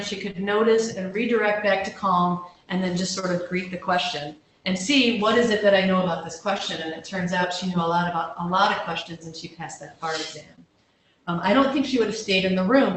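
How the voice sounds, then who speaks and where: In a medium-pitched, fairly bright voice, a woman counselor leads an informal workshop, speaking conversationally and poking fun at herself. She restarts frequently and keeps checking the audience is following. Her voice is picked up from afar by a distant mic, in a very echoey room with faint background hum.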